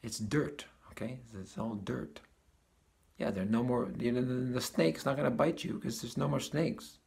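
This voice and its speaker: A man's voice: medium pitch, fairly even intonation, normal speed, vocal fry, a little mellow. A man giving a casual spiritual talk as a teacher, often restarting phrases and chuckling at his own points.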